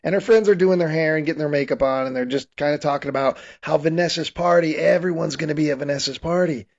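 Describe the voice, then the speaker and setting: A man's voice: a little high, quick pace, dull audio. A man hosting a podcast, casually recapping a horror comedy in a rambling way, restarting his sentences and laughing. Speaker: podcast host. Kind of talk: casual movie recap chat.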